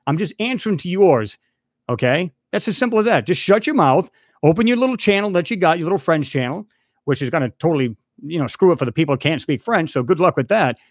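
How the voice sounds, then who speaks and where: Channel host, male, fairly high voice with big swings, dry close sound, angry rant style. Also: animated, fast, dry recording. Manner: heated, repetitive, addresses a rival directly. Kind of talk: angry ranting vlog.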